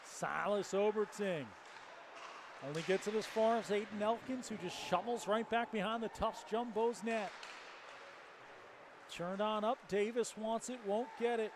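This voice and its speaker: A man's voice: high-pitched, a little slow, background noise. A man calling a college hockey game play by play, joking with his partner between calls. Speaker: play-by-play commentator.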